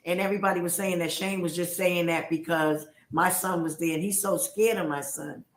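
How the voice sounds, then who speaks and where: A woman's voice: fairly low pitch, fairly even intonation, fairly quick. A middle-aged woman on a livestream, emotional and accusatory, repeating her points as she rants. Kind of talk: heated livestream rant. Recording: roomy echo.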